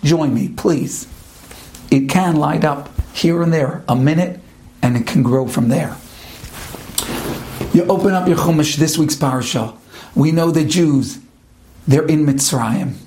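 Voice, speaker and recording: A man's voice: on the high side, darkish tone. A man giving a Torah lesson in a sermon style, asking rhetorical questions and mixing Hebrew terms into his English. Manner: rhetorical questions, drawn-out emphatic pauses. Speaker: rabbi giving a Torah talk.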